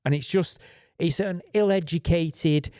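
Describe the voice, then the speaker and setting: A man's voice: fairly high pitch, measured pace, warm tone, clear, resonant tone, no room sound, studio quality. A British man co-hosting a casual podcast as a mix engineer, talking animatedly, swearing freely and mimicking instrument sounds. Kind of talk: casual chat.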